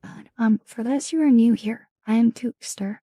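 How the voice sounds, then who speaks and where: Soft-spoken woman streamer, whispered role-play. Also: on the high side, moderate pace, dry recording, studio quality. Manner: soft, affectionate, alternating whisper and quiet voice. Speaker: streamer host.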